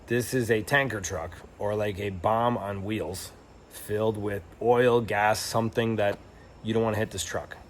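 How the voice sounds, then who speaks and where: Young guy vlogging, kinda low voice, rambly and thoughtful, lots of "like". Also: steady tone, measured pace, slight background noise. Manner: rambling, reflective, with many fillers and restarts. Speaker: travel vlogger. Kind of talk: casual storytelling monologue.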